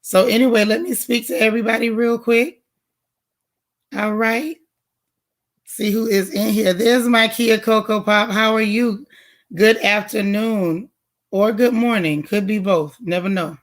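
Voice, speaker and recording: A middle-aged woman with a hoarse, strained voice, casually greeting viewers one by one on her livestream. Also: medium pitch, steady tone, unhurried. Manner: warm, chatty, greets viewers by name. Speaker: livestream host.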